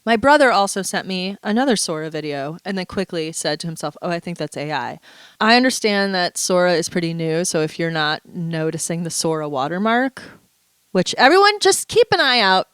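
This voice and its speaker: A woman's voice: on the low side, very animated, brisk, fairly bright tone, clear, resonant tone, dry recording. A woman vlogger in a casual, chatty monologue, playful and full of asides, a little stuffy and under the weather. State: stuffy, feeling unwell.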